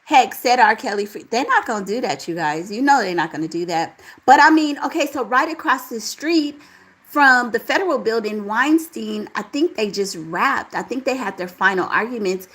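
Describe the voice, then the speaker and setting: A woman hosting a casual live chat, reading out viewer comments and answering them in a relaxed, talkative way. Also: fairly high pitch, normal speed, husky, poor audio. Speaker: livestream host reading chat.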